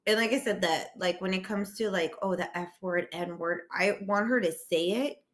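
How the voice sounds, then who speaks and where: A woman's voice: on the low side, normal speed. Laughing, swearing woman telling stories. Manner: animated storytelling, swears freely, laughs often. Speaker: podcast co-host. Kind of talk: casual chat.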